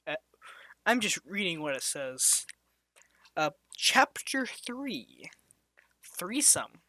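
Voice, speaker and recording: Comedic fan fiction reader: very bright, dry close voice, trips over words, can't stop laughing. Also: mid-range voice, dry recording. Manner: stumbles over words and keeps breaking into laughter; reads in a flat storytelling tone, now and then dropping to a whisper.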